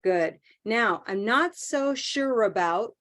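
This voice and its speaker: A woman teaching an English pronunciation class over a video call, modeling phrases slowly and praising her students. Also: medium pitch, animated, a bit bright. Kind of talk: online class coaching.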